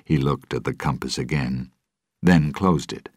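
Very deep, slow male storyteller. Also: a little mellow, husky, no echo, studio quality. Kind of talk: scripted storybook narration.

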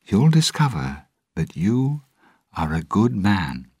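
Man doing a principled young lady, raised husky voice, earnest, slow. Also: big pitch swings, darkish tone, no room sound, clean studio sound, exaggerated voice. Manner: earnest, reproachful, raised higher. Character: young woman, proper and principled.

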